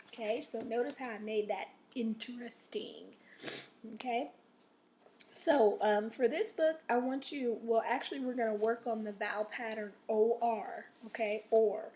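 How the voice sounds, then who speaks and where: Woman teacher with a rough, coughy voice. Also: on the high side, fairly even intonation, darkish tone, a little hiss or hum. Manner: checks in with "okay?" after nearly every sentence; slow, drawn-out stress on vocabulary words. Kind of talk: recorded reading lesson.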